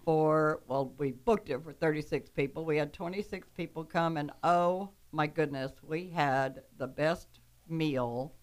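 Woman caller on talk radio, chatty and enthusiastic, low-pitched. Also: measured pace. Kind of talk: casual chat.

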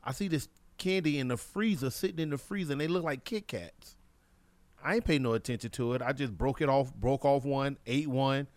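A man casually telling a funny childhood anecdote in an animated way. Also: medium pitch, fairly quick, no room sound. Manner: lively, animated storyteller.

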